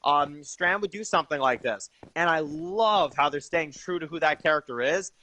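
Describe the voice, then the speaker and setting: A man's voice: on the high side, normal speed, sharp tone. A young man giving an enthusiastic, rambling casual review of a TV episode, full of fillers.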